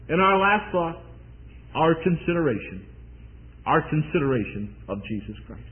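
A man preaching a sermon, swinging from loud declaring to hushed pleading. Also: on the high side, big pitch swings, normal speed. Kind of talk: revival-style sermon. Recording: tinny lo-fi phone-like sound.

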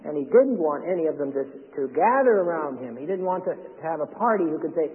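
A man preaching with emphasis in a fairly high voice, driving his points home with repetition and rhetorical questions. His sermon comes through a thin, phone-like radio broadcast with a long reverb trailing behind each phrase. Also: lively intonation, fairly quick, few pauses.

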